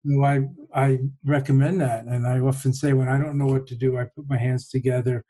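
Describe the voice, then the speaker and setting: A man talks through ideas in a warm, mellow voice. He is unhurried and reflective, pausing and restarting as he thinks aloud. It sounds like a relaxed podcast conversation. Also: mid-range voice. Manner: thoughtful, unhurried, with pauses and restarts. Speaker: podcast host and meditation teacher.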